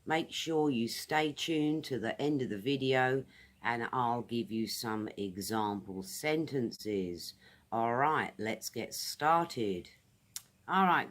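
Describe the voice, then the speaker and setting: A British woman giving a casual English vocabulary lesson outdoors, repeating each word carefully for pronunciation. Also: rumbling low. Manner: friendly, repeats words slowly for pronunciation. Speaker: English teacher.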